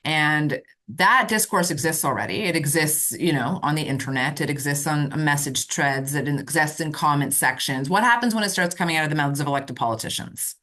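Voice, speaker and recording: A woman political reporter, appearing as a podcast guest from somewhere outside Ottawa, talks politics casually. Her voice is low and expressive with a sharp edge, and she speaks briskly with few pauses. She comes across as earnest and emphatic, often restarting her sentences.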